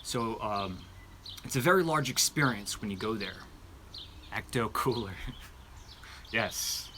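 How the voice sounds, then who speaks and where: Slow and expressive, with a lowish voice, a man hosts a live candle show-and-tell for his review channel. He rambles chattily with lots of fillers and eagerly describes each scent against a noisy background.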